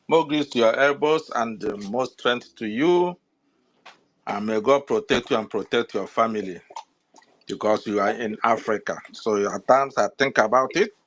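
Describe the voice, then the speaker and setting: A man's voice: mid-range voice, a bit bright. A man speaking at an online political meeting, moving from thanks into heated, scolding remarks. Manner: conversational, turning heated and scolding. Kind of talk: political speech.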